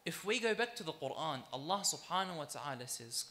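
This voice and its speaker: A man giving a sermon as a sheikh. He talks emphatically, repeats phrases for weight, slows to stress key words and calls the audience brothers and sisters. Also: on the high side, lively intonation, sharp tone. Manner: emphatic, with deliberate repetition. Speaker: sheikh giving a religious talk.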